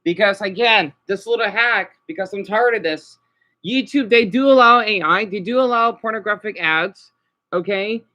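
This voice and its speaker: A man with a high, bright, sharp-edged voice rambles through an unscripted livestream from home. He is upset and worn out, stops and restarts often, and keeps asking "okay?". The sound is close and dry, with no room echo. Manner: halting, repeats himself, frequent "okay?" tags. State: upset and exhausted. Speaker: vlogger livestreaming.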